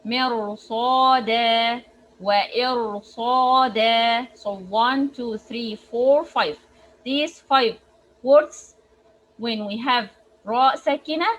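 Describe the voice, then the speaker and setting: A woman's voice: fairly high pitch, slight background noise, low-quality recording. A woman teaching recitation rules in an online lesson, explaining patiently with frequent restarts. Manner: explains slowly with frequent restarts, models Arabic words aloud.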